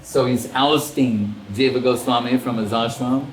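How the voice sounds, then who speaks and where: A man's voice: mid-range voice, moderate pace, noisy background. A man giving a casual spiritual talk, telling stories animatedly and acting out what people said. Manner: animated storyteller, acts out quoted dialogue, chuckles. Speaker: spiritual teacher. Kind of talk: casual storytelling discourse. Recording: roomy echo with faint ambience.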